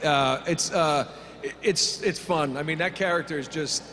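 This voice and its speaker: A man's voice: a little high, measured pace, pushed and bright. A middle-aged male voice actor answering fan questions on a convention panel, joking and rambling with many fillers. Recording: reverberant convention hall, faint hum.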